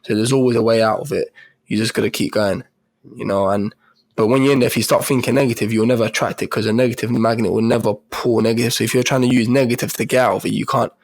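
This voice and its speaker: A man speaks quickly with a gravelly edge in a fairly low voice. As a podcast guest he explains his point earnestly, repeating it plainly. The recording sounds dry and close. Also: fairly even intonation, no echo. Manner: earnest, repeats a simple idea to make a point. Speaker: podcast guest, personal trainer. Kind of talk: casual interview conversation.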